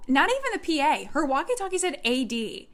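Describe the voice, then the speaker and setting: Animated high-voiced woman telling stories. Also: a little fast. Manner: animated, expressive storytelling with lots of "like". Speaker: podcast co-host. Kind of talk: casual chat.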